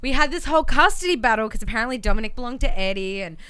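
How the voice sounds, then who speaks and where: A woman's voice: on the high side, lively intonation, rapid-fire, heavy background noise. An Australian woman co-hosting a podcast, playful and enthusiastic with plenty of slang. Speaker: podcast co-host. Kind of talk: casual chat.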